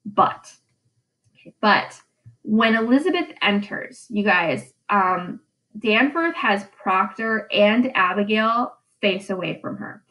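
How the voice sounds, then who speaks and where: A woman's voice: mid-range voice, expressive, slow, sharp tone, dull audio. A woman English teacher giving a casual, chatty recorded lesson recap, often checking in with "right?".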